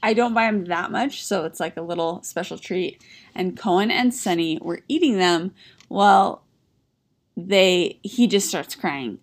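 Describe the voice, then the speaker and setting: A woman's voice: mid-range voice, animated, takes it slowly. A woman in her thirties, a podcast co-host, chatting casually and telling a story with frequent laughs. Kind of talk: casual chat.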